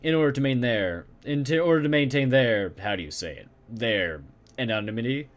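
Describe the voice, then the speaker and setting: A man's voice: medium pitch, animated, a little fast, lightly acted. A man voicing a polite, scheming male café owner in a game, speaking with an exaggerated formal manner and a put-on accent. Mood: smooth persuasion.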